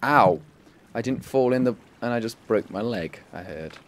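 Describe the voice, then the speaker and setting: A man chatting casually while playing a game, easily startled and quick to exclaim. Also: mid-range voice, lively intonation. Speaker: gamer. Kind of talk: casual let's-play chat. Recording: faint background noise.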